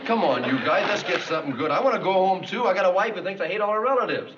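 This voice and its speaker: An actor in his thirties playing a quick-witted comedy writer, bantering with exasperation in a 1960s sitcom. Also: sits high, expressive, over a noisy crowd, heavy background noise. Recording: dull 1960s TV soundtrack, studio laughter.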